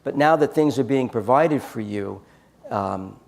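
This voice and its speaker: A man's voice: medium pitch, unhurried, creaky. A man giving a storytelling talk at a church conference, acting out quoted dialogue in his anecdotes. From United States.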